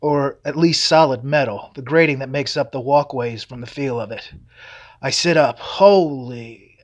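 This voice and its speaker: A man's voice: medium pitch, measured pace. Man reading his own novel aloud. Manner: first-person narration, steady and descriptive. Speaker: author.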